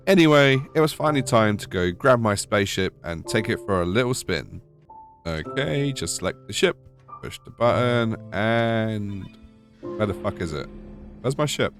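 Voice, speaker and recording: A British man narrating a gaming video voice-over with wry, sarcastic humour. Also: on the low side. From United Kingdom. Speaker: gaming YouTuber.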